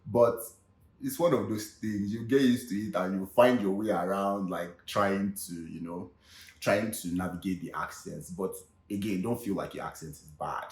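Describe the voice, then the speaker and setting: A Nigerian man vlogging casually, relaxed and chatty, slipping into Pidgin now and then. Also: sits low, moderate pace. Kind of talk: casual vlog talk. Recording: echoey room.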